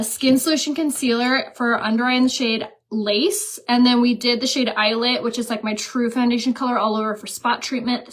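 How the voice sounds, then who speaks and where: Chatty woman makeup vlogger. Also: a little high. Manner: chatty, lots of "like" fillers and quoted dialogue. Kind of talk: casual storytelling while doing makeup.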